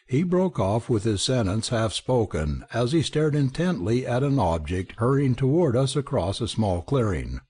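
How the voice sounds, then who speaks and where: A man narrating an audiobook in a measured, expressive way. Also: lowish voice, husky. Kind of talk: scripted narration.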